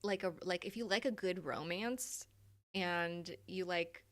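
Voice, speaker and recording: A woman's voice: on the low side, measured pace, a bit bright. Young adult woman, live stream host, casual chat, laughs a lot, swears freely.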